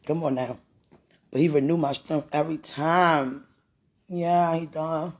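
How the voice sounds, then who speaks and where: A woman's voice: sits low, fairly even intonation, measured pace, darkish tone. Chatty woman praying aloud. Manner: chatty, repeats phrases, laughs often, mixes talk with prayer. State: heartburn, hungry. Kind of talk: casual spoken monologue and prayer.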